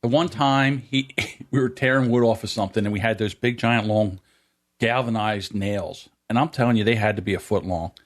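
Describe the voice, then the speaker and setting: A man co-hosting a podcast, telling family stories in a casual, animated way and jumping up in pitch to act out quotes. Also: a little fast. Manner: animated, acts out quotes in a raised voice. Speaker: podcast co-host. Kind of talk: casual storytelling chat.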